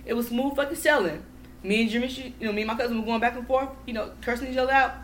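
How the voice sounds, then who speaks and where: A woman's voice: on the high side, rapid-fire, a little hiss or hum. A woman guest on a podcast in casual chat, telling a story in a heated, profane way.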